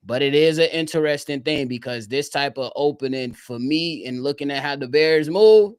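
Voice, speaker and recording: A man calling in to a sports show, talking in a relaxed, slangy way as he thinks out loud. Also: fairly high pitch, moderate pace, smooth, dry recording, studio quality. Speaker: guest caller. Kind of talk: casual sports talk.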